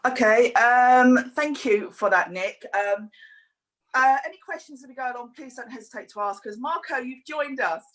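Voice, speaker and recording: A woman's voice: a little high, lively intonation, normal speed, fairly bright tone, low-quality recording. A woman hosting an online webinar over a video call, chatty and practical, with filler words. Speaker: webinar host.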